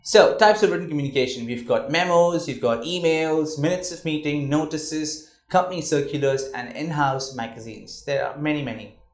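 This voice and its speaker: A man's voice: a little high, moderate pace, roomy sound. A man teaching a communication class in a conversational way, often checking in with "all right?". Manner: conversational, repeats words, asks "all right?". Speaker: communication trainer. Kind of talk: classroom lecture.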